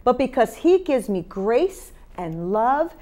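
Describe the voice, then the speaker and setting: A woman's voice: fairly high pitch, very animated, takes it slowly, mellow. A woman hosting a talk show in a studio, speaking emphatically and urging listeners with faith-based motivation, often repeating her key phrases.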